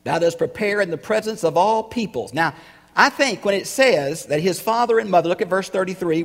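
A man preaching a sermon, emphatic and building to loud rhetorical questions. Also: high voice, animated, normal speed, long reverb tail.

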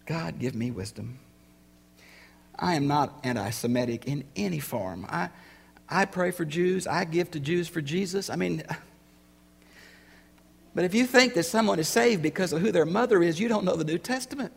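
A man preaching a sermon, emphatic and building to loud rhetorical questions. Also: a little high, moderate pace, gravelly, long pauses, breathy edge, big-room sound.

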